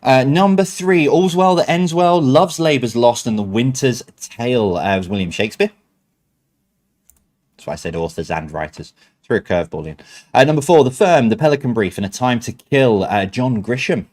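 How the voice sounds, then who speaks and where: A man's voice: mid-range voice, animated, normal speed, darkish tone. A man hosts a quiz night over a stream. He reads each answer in a chatty, easygoing way. He breaks off now and then with self-mocking remarks. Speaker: quiz host.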